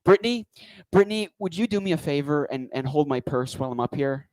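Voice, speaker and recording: A man's voice: a little high, lively intonation, quick pace, a little mellow, no room sound, rough recording. A man doing a stand-up comedy set on a club stage, talking into a handheld mic with a wry, rambling delivery.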